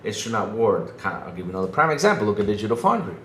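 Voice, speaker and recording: A man's voice: lowish voice, big pitch swings, quick pace. A man co-hosting a podcast, giving casual gaming commentary in an emphatic, ranting way that repeats his points. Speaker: podcast co-host. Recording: echoey room with faint background noise.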